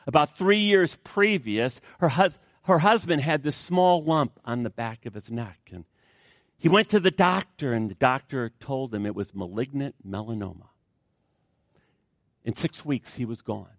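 A man's voice: medium pitch, animated, a little slow, no room sound, clean studio sound. A man preaching a sermon, telling a story with strong emphasis and speaking directly to his congregation. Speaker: pastor.

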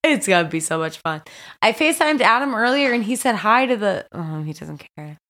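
A woman's voice: medium pitch, animated, a little fast, fairly bright tone. A young woman, a bit drunk, interviewing her friend in a casual, bubbly chat and reading out questions. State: tipsy. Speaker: guest interviewer.

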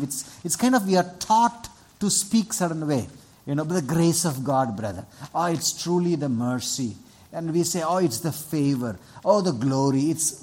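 Husky-voiced Indian preacher. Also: male voice, a little high, a little mellow. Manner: earnest, repeats himself, asks the congregation for responses. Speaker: pastor. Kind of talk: sermon. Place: church.

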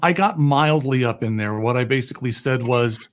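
A man speaking as a guest on a podcast, relaxed and casual. He pokes gentle fun at himself in a wry tone, and his voice sits in a middle register. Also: medium pitch, normal speed, few pauses.

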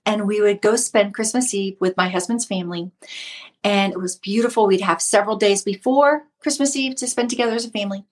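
A woman's voice: medium pitch, slightly rough. Middle-aged woman giving a devotional talk. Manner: warm conversational teaching, greets viewers by name, repeats words. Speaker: Christian livestream host.

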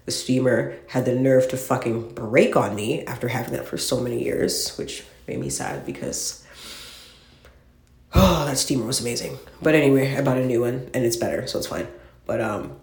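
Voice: medium pitch, animated, normal speed, a little mellow. A podcast host ranting alone in an exasperated, profane, rambling way, recorded in a newly moved-into, barely furnished apartment. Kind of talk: solo ranting monologue. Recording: echoey bare room.

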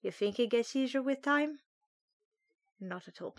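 A woman's voice: a little high, a little slow. A woman hosting a podcast in casual, self-deprecating chat, her speech a little slurred from a sore mouth. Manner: chatty, self-deprecating, animated asides. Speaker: podcast host.

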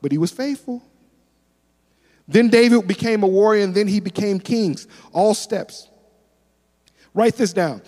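A male pastor preaches in a high, light voice, his words ringing through the long reverb of a large church hall. He tells animated stories and acts out each person's lines as he goes. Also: measured pace, pauses often. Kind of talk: sermon with storytelling.

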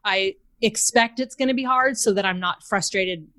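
A woman's voice: medium pitch, moderate pace, bright, forceful tone, no room sound. Woman explaining parenting ideas in interview. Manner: explains with examples, acts out quoted lines. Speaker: parenting expert guest. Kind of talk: conversational podcast interview.

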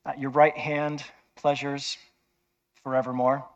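A man's voice: medium pitch, level tone, measured pace. A man preaching a sermon in an emphatic, conversational way, often checking with listeners.

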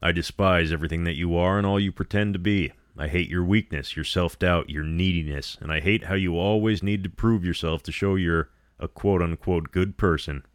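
A man's voice: sits low, moderate pace, hardly any pauses, no room sound, clean studio sound, close to an everyday voice. A man voicing a sneering evil twin woman. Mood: contemptuous. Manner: gloating and sneering. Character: cruel, mocking evil doppelganger young woman. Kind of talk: horror story reading.

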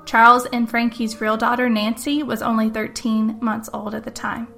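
A woman's voice: fairly high pitch, little pitch movement, normal speed, creaky, bright, forceful tone, soft background music. A woman who hosts a storytelling podcast, telling a murder tale as dramatic first-person narration. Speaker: podcast host and author.

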